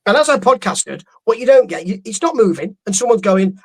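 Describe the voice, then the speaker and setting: A man's voice: high-pitched, animated, fast talker, hardly any pauses, rough recording. Rambling, amused male podcast co-host. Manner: rambling, amused, stumbles and restarts. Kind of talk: casual boxing podcast chat.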